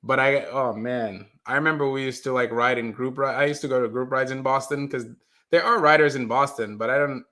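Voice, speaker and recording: A man hosts a casual live stream from a basement, in a voice of ordinary middle pitch. He chats loosely with his viewers and reads their comments aloud. He keeps apologizing whenever the stream freezes. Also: brisk, pushed and bright. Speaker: livestream host. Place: mother's basement.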